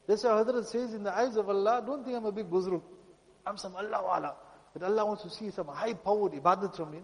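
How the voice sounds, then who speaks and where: High-voiced male preacher, pleading sermon. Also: fast talker, long reverb tail, low-quality recording. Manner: pleading, emotional delivery, often drops to a soft voice. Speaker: Islamic preacher.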